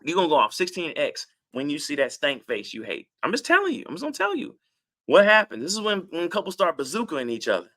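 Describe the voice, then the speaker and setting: Animated, bright-voiced male therapist. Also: on the high side, fast. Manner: playful, emphatic, slips into slang and mock arguments. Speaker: relationship therapist speaking to an audience. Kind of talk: animated talk with acted-out examples.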